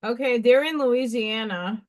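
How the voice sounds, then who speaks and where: This is a woman hosting a live craft stream in casual chat. Her voice sits on the high side and she takes her time. She is chatty and excitable, and she narrates her own choices aloud as she works. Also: a little slow. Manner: chatty, excitable, talks to herself while working. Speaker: craft livestream host.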